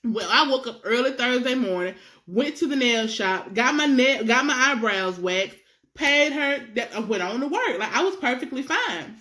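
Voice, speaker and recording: Animated young woman telling a story. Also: fairly high pitch, moderate pace. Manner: animated, laughs often, slangy and expressive. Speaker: vlogger. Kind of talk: casual storytelling.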